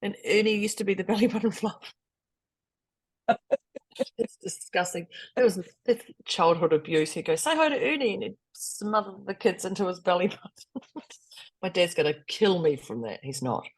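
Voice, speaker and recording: Husky, playful woman. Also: lowish voice, normal speed, long pauses. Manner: animated, playful, laughs a lot. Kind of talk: casual podcast chat.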